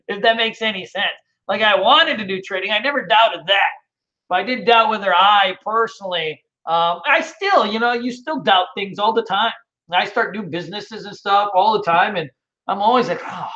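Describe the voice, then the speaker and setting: A man's voice: sits high, bright, forceful tone, lo-fi sound. A man hosting a casual trading webinar, answering viewer questions in a loose, rambling way with many fillers.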